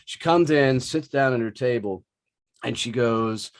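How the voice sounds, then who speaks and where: A man, telling his life story as a podcast guest in a casual, profane, animated way, acting out the dialogue. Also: mid-range voice, moderate pace, a little hiss or hum. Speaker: podcast guest, business founder.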